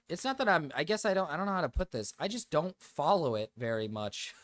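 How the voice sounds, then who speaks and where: A man's voice: fairly high pitch, very animated, fast, hardly any pauses, fairly bright tone. A man hosting a livestream, chatting casually and reading chat questions, rambling and self-deprecating. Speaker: streamer host.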